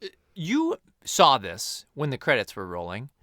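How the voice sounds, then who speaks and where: A man's voice: mid-range voice, unhurried, no room sound, studio quality. A man co-hosting a casual movie podcast, sharing film trivia with lots of fillers. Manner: animated, shares film trivia with filler words. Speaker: podcast co-host.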